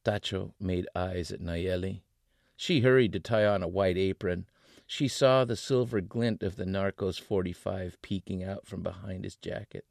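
A male author reading his novel aloud in an expressive way, voicing the characters. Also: sits low, moderate pace, gravelly, dry recording, clean studio sound.

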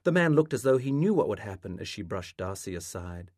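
Low-voiced man reading his novel. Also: sing-song, a little fast, darkish tone, no echo, studio quality. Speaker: author. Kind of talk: reading a literary novel aloud.

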